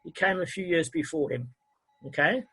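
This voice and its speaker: Man, online Talmud teacher on a video call; husky voice, hesitant delivery with self-corrections. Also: a little high, normal speed, sharp tone, soft background music, rough recording.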